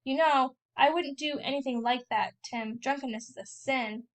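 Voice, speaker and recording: A cocky young soldier and older brother, boastful and quick to snap, as a woman puts him on while reading a novel aloud. The voice stays fairly high and light. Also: lightly acted.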